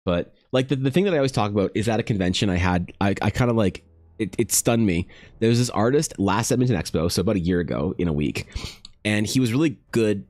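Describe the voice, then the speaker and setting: Rambling low-voiced man chatting on stream. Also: expressive, fast, darkish tone, no echo, clean studio sound. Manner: rambling, self-deprecating, talks to chat by name. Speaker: artist streaming live. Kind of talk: casual chat on a live stream.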